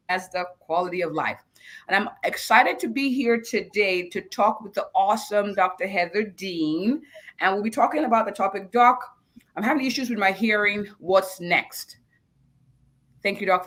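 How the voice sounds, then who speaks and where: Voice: medium pitch, a bit bright. A physician hosting a live online interview show, enthusiastic and prone to repeating words.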